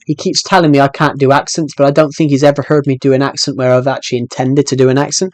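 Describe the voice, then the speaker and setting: A young man from Britain with a thick regional British accent, chatting casually on a live stream and rambling quickly with many restarts. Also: mid-range voice, flat delivery, no echo.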